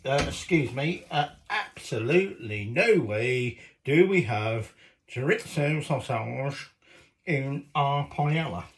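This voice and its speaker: An English man mimicking an indignant Valencian cook in a slow, emphatic, mock-outraged voice. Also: mid-range voice, lively intonation.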